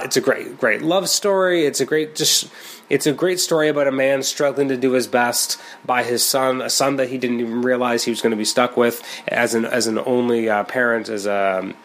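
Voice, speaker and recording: A man's voice: medium pitch, fairly bright tone. A man talking casually and at length about a comic book he loves, rambling with many fillers and restarts. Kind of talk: casual solo commentary.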